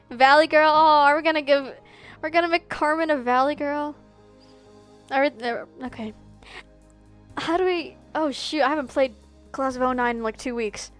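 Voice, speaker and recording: A young woman streaming a game, chatting casually and rambling with lots of "like". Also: a little high. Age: young adult. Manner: rambling, fillers of "like". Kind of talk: casual gameplay chat.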